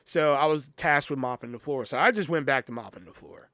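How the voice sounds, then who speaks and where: A man's voice: medium pitch, fairly quick, fairly bright tone, no room sound, clean studio sound. A man hosting a podcast, telling a story in a casual, profane, rambling way with lots of "you know". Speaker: podcast host.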